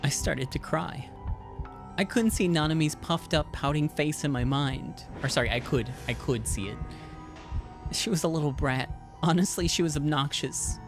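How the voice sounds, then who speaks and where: A man's voice: on the high side, moderate pace, music in the background. Man reading a game story aloud. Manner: expressive, with casual asides. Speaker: streamer. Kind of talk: reading a visual novel aloud.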